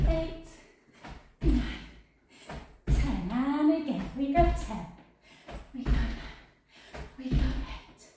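A woman with a high voice guides a workout class, counting reps and giving encouraging cues at an unhurried pace. She stands some distance from the mic, and the room around her is strongly echoey. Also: background noise. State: out of breath at times. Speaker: fitness instructor.

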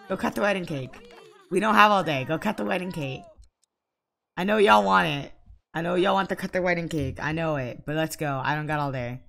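A woman's voice: lowish voice, fairly quick, creaky, fairly bright tone. A woman giving let's play commentary, scolding her game characters aloud in exasperation. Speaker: gaming channel host.

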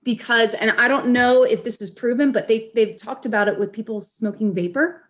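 A woman's voice: a little high, moderate pace. A woman in her forties, a guest on a podcast, telling her story in an earnest, heartfelt, conversational way. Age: 40s. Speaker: guest, caregiver advocate and author.

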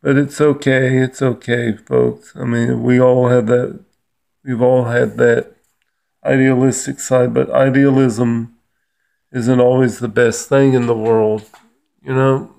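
A middle-aged man talking to camera in a halting, earnest monologue, often repeating words and restarting his sentences. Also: medium pitch, flat delivery, creaky, mellow. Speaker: vlogger. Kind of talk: rambling personal monologue.

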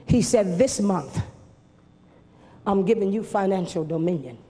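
At a live camp meeting in a large church, a woman preacher delivers a fervent sermon with a repetitive preaching cadence. Her voice is medium-pitched, expressive, dark in tone and a little slow, recorded in a reverberant church hall with faint noise.

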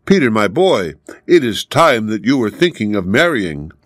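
A man's voice: on the low side, very animated, moderate pace, no echo, studio quality. A man voicing a rich old father in a fairy tale, persuasive and offhand.

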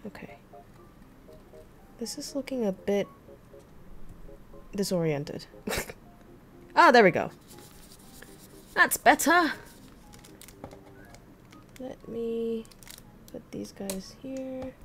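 A woman's voice: a little high, expressive, very slow, pauses often, a bit bright, a little hiss or hum. A young woman streaming, thinking aloud and chatting casually with her viewers as she works. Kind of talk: casual livestream chat while crafting.

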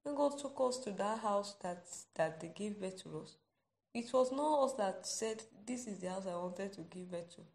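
A woman preaching on a gospel podcast and leading a prayer, speaking emphatically, repeating key phrases and bursting into loud exclamations. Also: medium pitch, expressive, moderate pace, vocal fry. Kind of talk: devotional podcast sermon and prayer.

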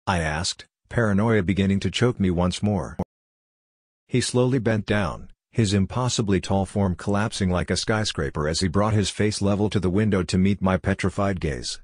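A man narrating a scripted horror story in a measured, subdued way. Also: low-pitched, darkish tone, slightly rough, no echo, studio quality.

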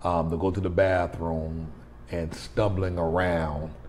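This vlog host, a man in his forties, speaks slowly in a low, level, somewhat dark voice. He tells a personal story casually to camera, rambling and restarting often, with long reverb on the recording.

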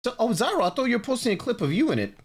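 A man hosting a casual gaming stream, excitable and slangy as he chats with friends. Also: extremely high pitch, very fast. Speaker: streamer host.

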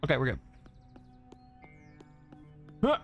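Talking slowly over faint background music, a man hosts a gaming channel and rambles through casual let's-play commentary, cursing freely and humming as he plays. He's using a desk mic rather than his headset's.

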